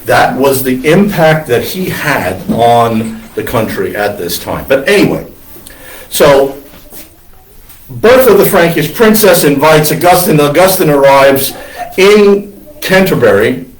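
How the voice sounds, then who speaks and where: Slow priest guy lecturing a class, lots of ums, sounds far off in a big echoey room. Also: medium pitch, big pitch swings. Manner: discursive, digressive with many fillers. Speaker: priest lecturing on church history. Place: classroom with students.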